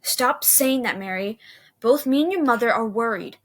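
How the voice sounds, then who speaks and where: A woman voicing a stern, angry father who is close to shouting in a storybook reading. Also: a little high, lively intonation, normal speed, slightly rough, full character voice.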